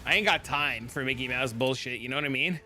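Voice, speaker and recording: A young man with a New Jersey accent, a streamer telling a story to his chat in a casual, profane, animated way. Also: fast, soft background music. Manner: animated, profane, gets loud and high when retelling arguments.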